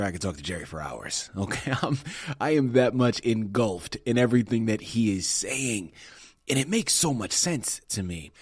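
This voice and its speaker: A male radio host with a low, husky voice, recorded dry and close. He talks with energy and emphasis, speaking straight to the listeners. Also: no room sound. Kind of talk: interview host wrap-up.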